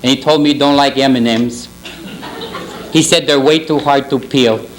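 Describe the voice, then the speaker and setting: A man with a medium-pitched voice, speaking at a moderate pace, plays a sly middle-aged Italian parish priest at a banquet, using a put-on Italian accent and broken English. He rambles through his jokes with deadpan delivery, performing a stand-up roast in a banquet hall. The acting is light, the audio quality is poor, and there is slight background noise.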